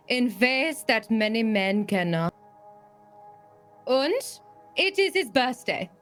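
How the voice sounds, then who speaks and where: A woman voicing a proud female vampire hostess with a put-on accent, speaking slowly and theatrically. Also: high-pitched, fairly bright tone, full character voice. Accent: put-on foreign vampire accent. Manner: slow, stately, drawn-out delivery. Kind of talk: murder mystery role-play.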